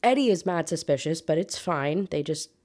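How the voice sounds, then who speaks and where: A woman's voice: low-pitched, lively intonation, normal speed, a little mellow. A woman and book reviewer giving a casual, chatty and sarcastic recap of a novel, full of filler words.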